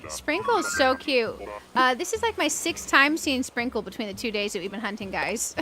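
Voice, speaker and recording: A woman's voice: fairly high pitch, expressive, moderate pace. A woman streaming a video game, chatting casually, reading chat aloud and ranting playfully with frequent giggles. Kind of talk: casual live-stream chat while gaming.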